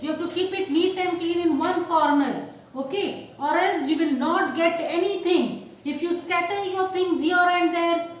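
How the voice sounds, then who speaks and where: A woman teacher with an Indian English accent talks through a lesson in a very high voice, asking the class questions and repeating her points. The room is very echoey, with a faint hiss behind her. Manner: repetitive, asks the class questions.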